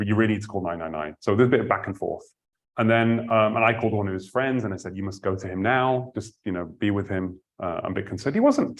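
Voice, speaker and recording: Middle-aged male cardiologist from the UK, lowish voice, rapid talk-style storytelling with asides. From United Kingdom. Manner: conversational storytelling with asides and restarts. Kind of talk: public talk, personal story.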